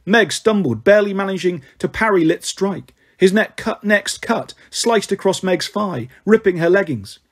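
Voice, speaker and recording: Man, audiobook narrator, first-person reading, wry, dramatic, high voice, husky. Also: animated, normal speed, few pauses.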